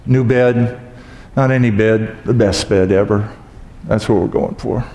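Joking preacher in an echoey hall. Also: male voice, lowish voice, a little slow, mellow, lo-fi sound. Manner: humorous storytelling, acts out exclamations. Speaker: pastor. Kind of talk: sermon. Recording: echoey hall with long reverb.

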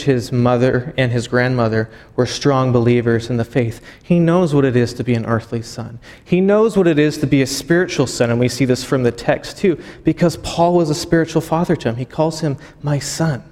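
A man's voice: mid-range voice, moderate pace, hardly any pauses, a little mellow. A man in his thirties giving a sermon, earnest and personal, often restarting his phrases. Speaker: pastor. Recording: hall with long reverb.

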